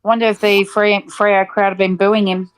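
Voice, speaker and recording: A woman chatting casually on a sports watch-along, knowing and gently teasing. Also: medium pitch, level tone, normal speed, clear, resonant tone.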